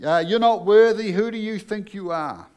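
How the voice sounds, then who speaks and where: A man putting on a loud, sneering devil. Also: high voice, moderate pace, clear, resonant tone, muffled recording, pitched above the performer's own voice, close to an everyday voice. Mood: taunting. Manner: yelling, scornful. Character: taunting accusing devil, male, loud.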